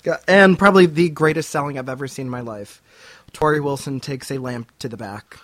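A man co-hosts a casual podcast with wry, laid-back remarks. His voice sits at an ordinary pitch, and the recording is dry and close with no room sound. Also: a little fast, fairly bright tone, no echo. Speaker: podcast co-host. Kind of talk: casual chat.

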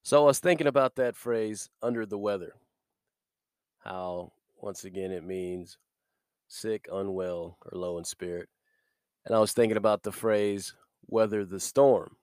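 Male devotional podcaster, a little stuffy from a cold, low-pitched, recorded dry and close. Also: steady tone, unhurried, a little mellow, clean tone, no room sound. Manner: upbeat and preachy, laughs between points. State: recovering from a cold. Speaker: podcast host.

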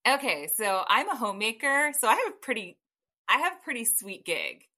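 A woman's voice: a little high, big pitch swings, fairly quick, sharp tone. A woman chatting as a guest over a call, rambling with fillers and laughing often. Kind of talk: casual chat. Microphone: call audio.

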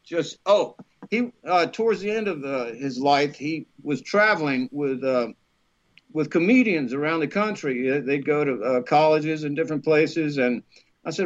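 Animated middle-aged man telling stories, lo-fi. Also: fairly high pitch, normal speed. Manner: animated anecdotes, acting out quoted voices, laughing often. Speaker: actor guest. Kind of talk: casual storytelling interview. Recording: dull lo-fi podcast audio.

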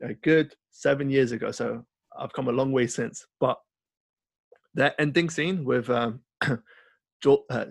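A man co-hosting a podcast, chatting casually and rambling through an animated story with lots of fillers. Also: mid-range voice, measured pace, creaky, pauses often, dry recording. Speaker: podcast co-host. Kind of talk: casual film chat.

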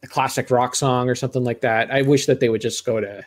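A man's voice: mid-range voice, fairly even intonation, quick pace. A middle-aged man co-hosting a podcast, chatting casually about movies in a rambling way, full of restarts and asides. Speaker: podcast co-host reviewing movies. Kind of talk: casual movie-review chat.

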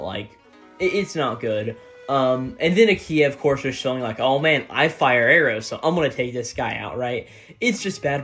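Male reviewer, casual chapter recap, mid-pitched, loose and rambling, keeps tagging "right?", faint music under him. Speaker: manga reviewer.

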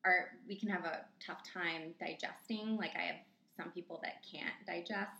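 A woman's voice: fairly low pitch, steady tone, normal speed, sharp tone. A young woman guest giving earnest, informative nutrition tips in a casual chat. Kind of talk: casual explaining. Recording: echoey room with faint noise.

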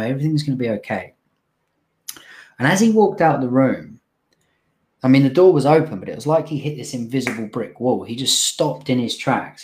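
A young adult man telling an emotional personal story in an earnest, halting way, with many restarts and fillers. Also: mid-range voice, a little mellow. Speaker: speaker telling his recovery story.

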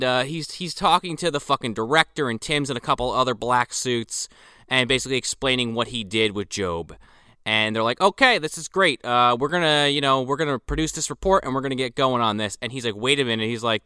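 Bright, crisp-voiced man telling a story. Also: medium pitch, no room sound, clean studio sound. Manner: profane, fast storytelling with fillers. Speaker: podcast co-host. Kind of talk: casual chat recapping a film.

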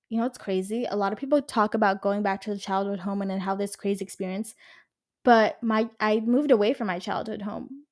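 A young woman in her twenties, talking alone into a home podcast mic. She rambles in a loose, chatty way, swears freely and fills her talk with "like" and "literally." Her voice sits at a middling pitch for a woman. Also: brisk, darkish tone. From Los Angeles area. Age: 20s. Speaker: podcast host. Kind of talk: casual solo podcast chat.

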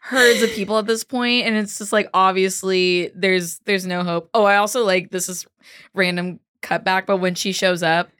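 Brief: woman guest, lively chatter with fillers, medium pitch, dry close mic. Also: normal speed, dry recording. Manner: animated, laughing, filler-heavy. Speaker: podcast guest. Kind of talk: casual chat.

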